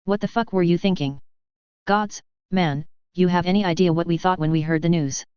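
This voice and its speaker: A woman's voice: on the low side, steady tone, moderate pace, dry recording, natural voice. A woman reading the lines of a big, crude, boisterous male soldier who talks bluntly and swears. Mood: gruff. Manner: blunt, swearing, rough-spoken. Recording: slightly dull, dry lo-fi recording.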